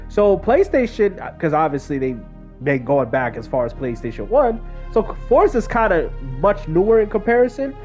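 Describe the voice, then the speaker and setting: With a high voice and dull audio, a man streams a game and gives casual live commentary. He's animated, chatting with his viewers in slang.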